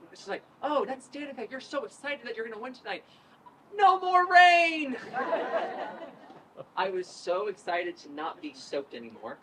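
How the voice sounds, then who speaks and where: A woman in her thirties from Northern Virginia, a politician telling a lively story at an event, acting out quotes and laughing. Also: fairly low pitch. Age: 30s. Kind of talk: storytelling speech. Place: event room with crowd ambience. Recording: distant mic with noise.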